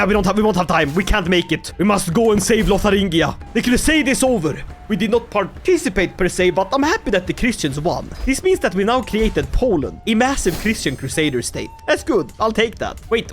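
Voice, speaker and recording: A man giving theatrical gameplay commentary, shouting battle cries as his ruler and then dropping to gloomy mutters. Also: high-pitched. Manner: swings from gloomy mutters to excited yelling. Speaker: strategy game streamer.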